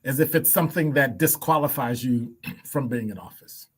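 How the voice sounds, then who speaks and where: A man's voice: medium pitch, moderate pace, breathy edge. A male radio host giving blunt opinion commentary, emphatic and wry, stacking up rhetorical questions. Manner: blunt, wry asides and chuckles.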